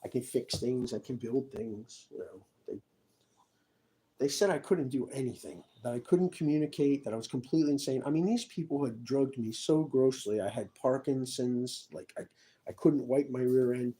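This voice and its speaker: A man in a rambling personal monologue, halting and restarting with repeated words. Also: mid-range voice, dark tone, rough recording.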